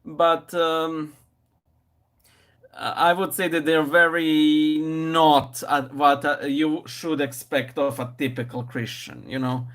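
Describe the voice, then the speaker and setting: A man's voice: a little high, little pitch movement, slow, a bit bright. A man hosting a casual live stream, thinking aloud with many fillers and restarts, speaking English with a noticeable non-native accent. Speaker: live-stream host painting and answering viewer questions.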